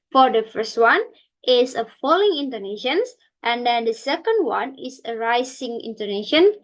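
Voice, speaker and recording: A young woman from Indonesia, a student giving a recorded class presentation and explaining carefully, with many halts and restarts. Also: high-pitched. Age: young adult.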